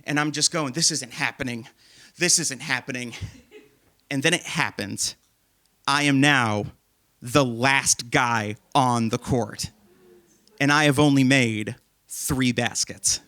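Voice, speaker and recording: A man's voice: medium pitch, slow pace. A man hosting a live comedy show, telling a self-deprecating story to an audience in a theater. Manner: self-deprecating, animated, laughing at himself. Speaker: host and storyteller.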